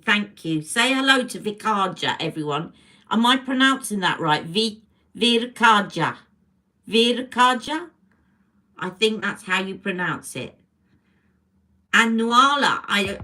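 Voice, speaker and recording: Greeting viewers from a room at home, a British beauty host rambles through a casual live makeup chat. She has a mid-range, pushed, bright voice, and the livestream camera mic gives a low-quality recording.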